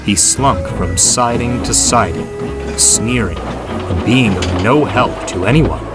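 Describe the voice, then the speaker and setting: A male narrator reads a story aloud in a low, expressive voice. He speaks slowly and deliberately, and his pitch moves a lot. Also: loud music behind the voice.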